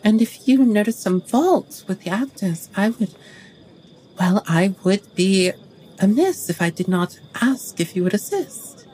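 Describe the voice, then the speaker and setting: A woman's voice: mid-range voice, lively intonation, measured pace, darkish tone, husky, low-quality recording. A woman voicing a haughty Regency society lady who delivers sweetly polite, cutting remarks in a tabletop role-play. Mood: gushing. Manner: sweetly barbed, mock-polite.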